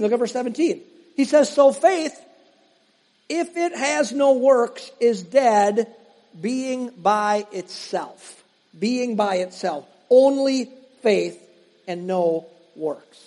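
A male pastor preaching a sermon with emphatic slow pauses and quick conversational asides. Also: sits high, darkish tone. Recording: long reverb of a large hall.

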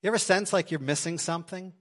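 A man's voice: high-pitched, quick pace. Man preaching a dynamic sermon. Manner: dynamic preaching, swings between loud emphasis and quiet asides. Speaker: pastor. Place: church sanctuary.

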